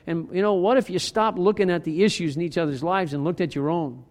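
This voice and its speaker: A man preaching a sermon as worship leader, conversational and animated, acting out quotes from everyday life. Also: high voice, brisk, in a large hall. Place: church sanctuary.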